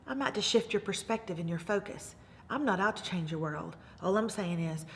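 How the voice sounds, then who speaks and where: A woman's voice: mid-range voice, in a large hall, a little hiss or hum. A woman Bible study teacher giving an emphatic, repetitive faith-based motivational talk, calling her listeners "baby.".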